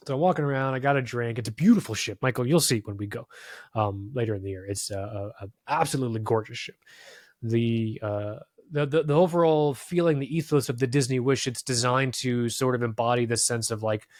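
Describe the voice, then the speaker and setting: A man of middle pitch rambles through a story on a podcast, swearing freely and stumbling over his words as he restarts. His voice is recorded close and dry, with no room echo around it. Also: brisk, a little mellow. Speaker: podcast co-host. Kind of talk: casual chat. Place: podcast studio.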